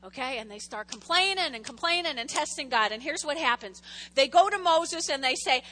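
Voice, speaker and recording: High, bright-voiced woman preaching. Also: fairly quick. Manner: animated, chatty storytelling that jumps between hushed asides and loud exclamations. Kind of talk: casual Bible-teaching sermon.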